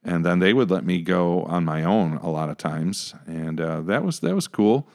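A man, a pastor, telling stories in a relaxed podcast conversation, acting out his own reactions along the way. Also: low-pitched, moderate pace. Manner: animated, acts out his own past reactions. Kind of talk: casual conversational storytelling.

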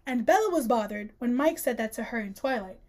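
A woman co-hosting a casual book podcast, her voice sitting a little on the high side. She retells scenes in an animated, slangy way, slipping into the characters' dialogue mid-sentence. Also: a little fast. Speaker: podcast co-host. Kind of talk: casual book-discussion chat.

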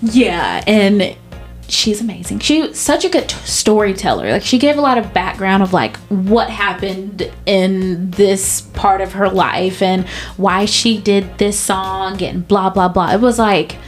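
Female podcast co-host, middle-pitched, brash and animated in chat. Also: a little slow, soft background music. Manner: animated, profane storytelling. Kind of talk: casual chat.

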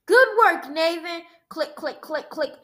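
A woman's voice: very high voice, expressive, unhurried, pushed and bright. A woman reading a graphic novel aloud, saying the sound effects and the dialogue in the same reading voice. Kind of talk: read-aloud storytelling.

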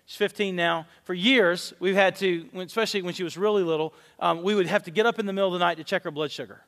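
A man's voice: high voice, fairly even intonation, fast, fairly bright tone. A man in his forties, a pastor giving a conversational sermon, candid and telling stories with self-deprecating humor. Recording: long reverb of a large hall.

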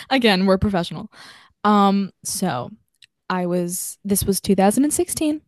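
A young woman co-hosting a podcast in casual chat, animated and emotional, laughing often. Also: mid-range voice, a little slow, dry recording, studio quality. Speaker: podcast co-host.

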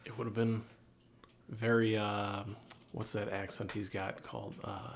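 A man's voice: fairly low pitch, little pitch movement, unhurried, vocal fry, slight background noise. A man in casual podcast conversation about movies, hesitant and filler-heavy, often trailing off. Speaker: podcast co-host.

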